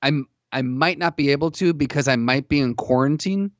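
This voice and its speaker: A man's voice: fairly high pitch, normal speed, dry recording, muffled recording. A man co-hosting a podcast in casual chat, with laid-back, reactive banter. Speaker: podcast co-host.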